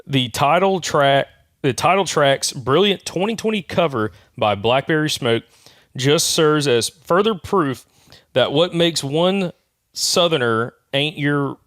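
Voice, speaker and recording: A man co-hosting an outdoors podcast, talking in a folksy way and reading aloud haltingly. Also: fairly high pitch, lively intonation, fairly bright tone, dry recording, clean studio sound. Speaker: podcast co-host. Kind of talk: casual chat.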